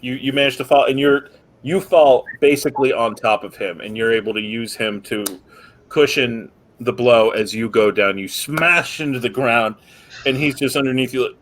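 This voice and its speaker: A man in the game master's seat, narrating scenes and calling out rolls at an ordinary pitch. He speaks in a relaxed way and keeps the table moving. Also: moderate pace. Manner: relaxed, rule-explaining narration with fillers.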